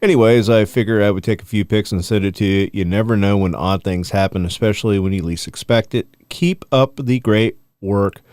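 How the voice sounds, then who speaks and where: Man, podcast co-host, reading an email aloud, smooth voice, dry close mic. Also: on the low side, fairly quick, few pauses, darkish tone, dry recording.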